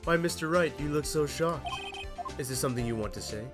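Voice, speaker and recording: A man's voice: fairly high pitch, a little fast, lightly acted. A man voicing a cool, smug male prosecutor who talks down to his rival over game music. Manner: smug, mocking.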